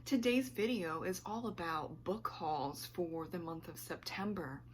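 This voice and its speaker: A woman's voice: on the low side, unhurried, slight background noise. A woman book vlogger chatting casually to camera at home, rambling and laughing often, her voice slightly worn.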